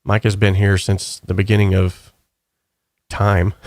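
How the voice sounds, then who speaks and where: A man's voice: on the low side, little pitch movement, takes it slowly, a little mellow. A man hosting a casual stream, chatting loosely and reading viewer comments aloud in a rambling, upbeat way. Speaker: channel host.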